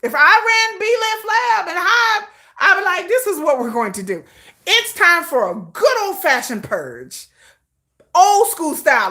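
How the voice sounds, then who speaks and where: A middle-aged American woman with a high-pitched, pushed, bright voice hosts a livestream. In a casual rant, she speaks emphatically and profanely, repeating herself a lot.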